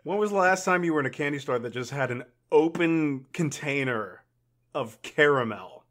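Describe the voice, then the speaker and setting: A man's voice: fairly high pitch, lively intonation, moderate pace, a bit bright. A man co-hosting a podcast, chatting casually about a movie in short, laid-back replies. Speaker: podcast co-host. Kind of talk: casual movie review chat.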